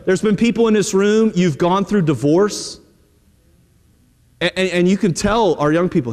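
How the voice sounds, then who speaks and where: A man's voice: sits high, moderate pace, a little mellow. A middle-aged male pastor preaching a sermon in a conversational, direct way to his congregation in a church. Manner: conversational preaching, repeating "hey" and direct address. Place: church sanctuary. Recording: long reverb of a church hall.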